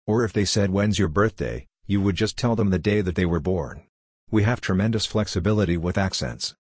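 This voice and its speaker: A man's voice: deep voice, brisk, a little mellow, husky, no echo, clean studio sound. A middle-aged man giving an earnest, explanatory public talk and asking the audience questions. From Canada. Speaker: speaker.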